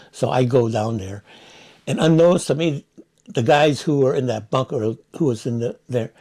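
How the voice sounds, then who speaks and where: Older man with a gravelly, husky voice. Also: medium pitch, darkish tone. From San Francisco, United States. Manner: rambling, many restarts and "you know". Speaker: Vietnam veteran interviewee. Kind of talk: casual storytelling interview.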